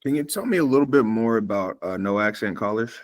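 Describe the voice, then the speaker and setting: A man's voice: on the low side, animated, quick pace. A man asking questions as a trainee on a live video call, hesitant and full of fillers.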